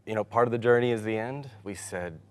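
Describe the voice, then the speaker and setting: A man's voice: lowish voice, fast, a little mellow, slight background noise. A male interviewer leading a cast panel, asking conversational questions.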